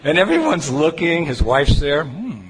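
A Hare Krishna preacher delivers a sermon, telling a personal story in an earnest, conversational way. His voice is a little high and very animated, at a moderate pace, recorded in a reverberant hall with faint noise.

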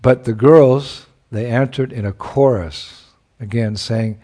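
A man with a medium-pitched, dark voice preaches a sermon by retelling a sacred story. He sounds reflective, chuckling now and then and pausing as he searches for words.

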